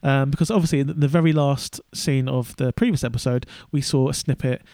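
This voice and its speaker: A man's voice: medium pitch, fairly quick, dark tone, no echo. A man co-hosting a casual podcast, rambling with many fillers and restarts. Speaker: podcast co-host.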